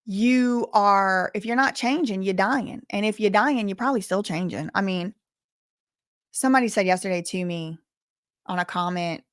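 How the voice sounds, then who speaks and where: A woman's voice: mid-range voice, normal speed, a bit bright, dry recording. Candid Southern woman YouTuber, dry close sound. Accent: Southern US, softened. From US South, bayou country. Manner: candid, emphatic, repeats words for stress. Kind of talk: casual storytelling to camera.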